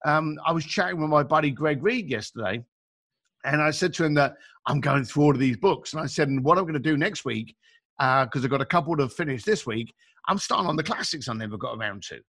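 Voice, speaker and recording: Male guest, bright and forceful, animated storyteller, slangy. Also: fairly high pitch, brisk, husky. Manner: animated, chatty, acts out quotes; informal slang. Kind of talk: casual storytelling.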